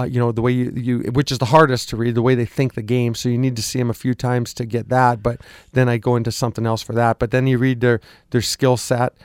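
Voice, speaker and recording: Hockey coach rambling with a worn voice. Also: male voice, medium pitch, clean tone, no room sound, studio quality. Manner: rambling, repeats words, frequent ums. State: slightly lost voice. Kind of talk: casual radio interview answers.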